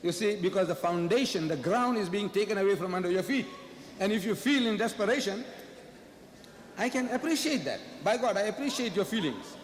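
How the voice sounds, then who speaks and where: A man's voice: sits high, expressive, brisk. A man giving a public debate speech who poses questions and answers them himself, repeating key phrases for emphasis. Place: large lecture hall before an audience. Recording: reverberant hall sound.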